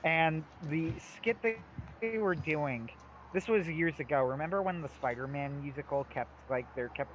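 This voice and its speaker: A man's voice: fairly high pitch, a little slow, a bit bright, slight background noise, rough recording. A man co-hosting a livestream in casual chat, telling stories animatedly with many fillers. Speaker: livestream co-host.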